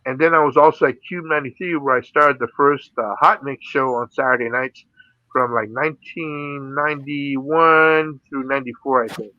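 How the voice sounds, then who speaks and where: Lively middle-aged man telling stories. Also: mid-range voice, moderate pace, no echo, lo-fi sound. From Philippines. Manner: animated, laughs often, says "you know" a lot. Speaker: interview guest, DJ and radio host. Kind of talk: casual storytelling.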